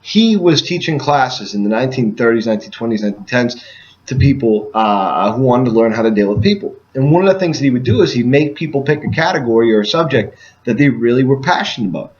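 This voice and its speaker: A man's voice: mid-range voice, lively intonation, fast, a little mellow, lo-fi sound. A man giving a casual sales training talk to door-to-door canvassers. He speaks emphatically and keeps checking in with "okay?" after each point.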